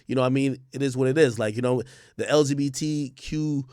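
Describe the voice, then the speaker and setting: A man's voice: mid-range voice, a little fast, dark tone, clean tone, no echo, clean studio sound. A man hosting a casual commentary livestream, talking bluntly and emphatically, with plenty of swearing and repetition. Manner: blunt, profane, emphatic, repeats himself. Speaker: livestream host.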